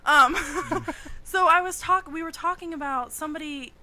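A young woman chats as a podcast guest, her voice high and sharply bright. She tells stories bluntly, cursing freely and laughing often. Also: normal speed. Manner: blunt, swearing, laughing storyteller. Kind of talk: casual chat.

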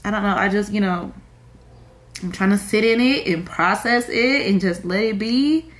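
A woman's voice: mid-range voice, normal speed. A young woman, crying and rambling in a confessional vlog with many fillers. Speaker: vlogger.

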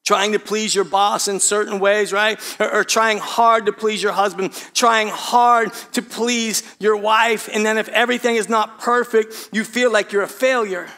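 A man's voice: sits high, fairly even intonation, unhurried, hardly any pauses, pushed and bright. A man preaching a sermon as a pastor, often asking the congregation questions and repeating phrases for emphasis. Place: church sanctuary.

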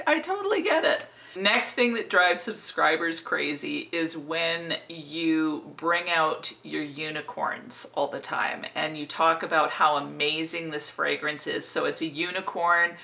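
A woman's voice: sits low, vocal fry, sharp tone. A woman giving wry comedic commentary as a fragrance YouTuber. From Canada.

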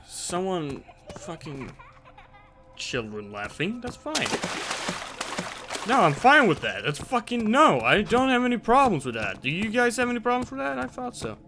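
A young man commenting on a horror game as he plays, excitable and jumpy, swearing often. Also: high voice, measured pace, background noise. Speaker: gameplay commentator.

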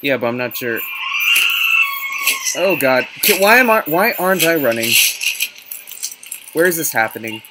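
A jokey man chats as he plays a horror game, rambling from one aside to the next. His pitch jumps around a lot, and he mutters when he gets uneasy. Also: animated, moderate pace, pauses often, very noisy. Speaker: game player. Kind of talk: casual let's-play chat.

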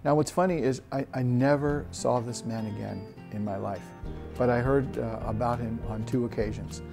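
A man in his thirties telling a personal faith story in an earnest, halting way with frequent restarts. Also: mid-range voice, fairly even intonation, vocal fry. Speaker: church member sharing a testimony. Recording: soft guitar music behind. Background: soft guitar music.

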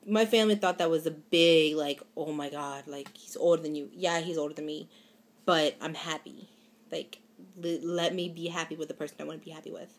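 A woman's voice: low voice, fairly even intonation, a little fast. A young woman, chatting casually to camera in a rambling, giggly way with lots of fillers and restarts. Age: young adult. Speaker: vlogger.

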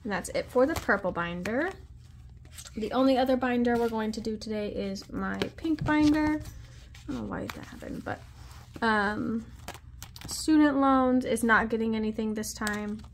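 This woman's voice is a little high and a little slow, with slight background noise behind it. She's a budgeting vlogger at her home desk, murmuring cash counts aloud and chatting casually with small asides.

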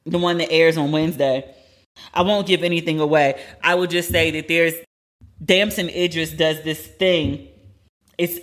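A woman hosting a podcast, giving a blunt, animated recap of a TV episode in casual chat and swearing freely. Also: low-pitched. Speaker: podcast host.

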